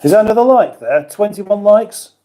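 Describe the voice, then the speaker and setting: His voice is high-pitched, warm and animated, moving at a moderate pace. He's a middle-aged British livestream host who chats casually, rambles, makes fun of himself and reads out what viewers write.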